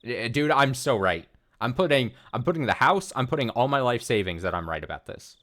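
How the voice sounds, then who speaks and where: In a let's play, a medium-pitched man narrates a visual novel fairly quickly, filling the gaps between lines with excitable, paranoid chatter.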